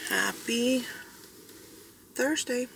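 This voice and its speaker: Middle-aged woman vlogger, rambling and candid, gravelly voice, a bit off-mic, for a casual car-ride vlog. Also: on the high side, very slow, far from the mic. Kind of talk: casual personal storytelling. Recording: road noise, mic held away.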